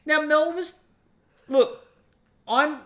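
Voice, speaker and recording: A man's voice: very high-pitched, very slow. An Australian man co-hosting a podcast, recapping a TV episode in casual chat and acting out what people said. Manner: animated storytelling, acting out quotes. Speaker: podcast co-host.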